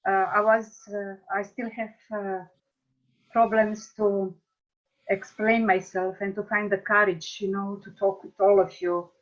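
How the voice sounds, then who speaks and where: Halting woman from Romania on a call. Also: medium pitch, flat delivery, dull audio. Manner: halting, searching for words, many fillers. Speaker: class participant. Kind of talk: emotional group testimonial. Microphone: video call.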